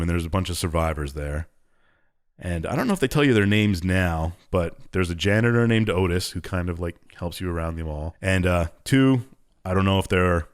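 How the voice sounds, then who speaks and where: Deep-voiced man recapping a game casually. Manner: laid-back storytelling, acts out characters briefly. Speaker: podcast co-host recapping a game. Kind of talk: casual chat.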